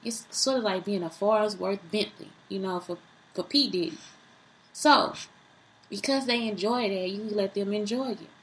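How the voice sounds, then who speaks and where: A woman's voice: mid-range voice, moderate pace, poor audio. Rambling woman talking to viewers. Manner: rambling, repeats herself, talks straight to viewers. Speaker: vlogger. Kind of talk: casual self-help talk to viewers.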